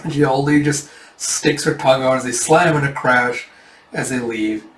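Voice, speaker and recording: A man retelling a manga volume in a casual readthrough, animated and often laughing. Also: medium pitch, normal speed, echoey room, far from the mic, slight background noise. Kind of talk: casual comic-book readthrough.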